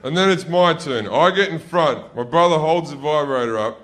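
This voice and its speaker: A man with an Australian accent telling profane stand-up stories on stage, often breaking into loud yelled impressions of family members. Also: fairly high pitch, normal speed. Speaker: stand-up comedian. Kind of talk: stand-up storytelling. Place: stage before a laughing audience.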